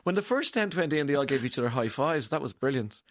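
A man with an Irish accent, chatting as a guest and telling a story with lively acted-out voices. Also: medium pitch, fast, no echo, studio quality. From Ireland. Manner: animated storyteller, acts out voices of others. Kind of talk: casual chat.

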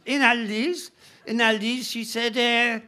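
A man's voice: very high voice, steady tone, unhurried, bright, forceful tone, heavily acted. A man playing a cantankerous, self-pitying Irish character with an Irish accent, telling an aggrieved, rambling story in a radio comedy sketch. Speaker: comic character.

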